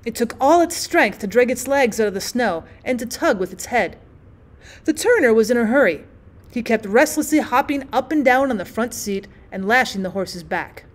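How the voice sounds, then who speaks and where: A woman's voice: a little high, lively intonation, moderate pace. A woman teacher narrating a classic short story as an audiobook reading.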